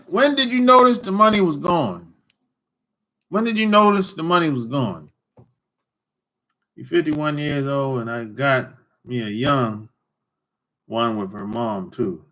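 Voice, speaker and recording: A man's voice: fairly high pitch, very animated, unhurried, long pauses, a bit bright. A man hosting a casual livestream, teasing callers in loose slang and laughing often. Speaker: livestream host talking with callers. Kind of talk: casual chat.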